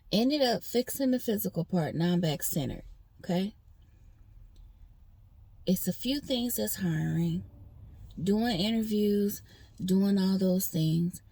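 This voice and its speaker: Slow, gravelly-voiced woman venting. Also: medium pitch, animated, dark tone. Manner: rambling, talks straight to viewers. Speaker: vlogger. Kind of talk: personal venting monologue.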